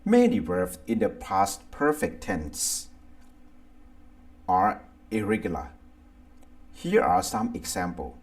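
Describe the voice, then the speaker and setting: A man with a Thai accent reading an English grammar lesson, going deliberately through lists of verbs one by one. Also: sits low, huge pitch swings. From Thailand. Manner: slow, deliberate, reads word lists aloud one by one. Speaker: English teacher. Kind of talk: slow scripted grammar lesson.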